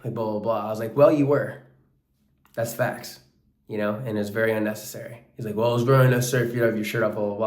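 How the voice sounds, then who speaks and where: A man with a lowish voice talks to the camera in a relaxed, earnest vlog ramble, dropping "like" and "bro" often. He has just worked out and is sweaty. The sound bounces around an echoey room. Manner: casual, peppered with "like" and "bro", earnest. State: sweaty after a workout. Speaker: wrestling coach and life coach. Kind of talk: casual vlog monologue.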